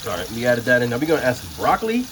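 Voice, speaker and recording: Racing along in a mid-range voice with huge pitch swings, this young man speaks over background noise. He's a food vlogger chatting to viewers in a cooking and mukbang video, slangy and full of asides, addressing them as y'all and bro.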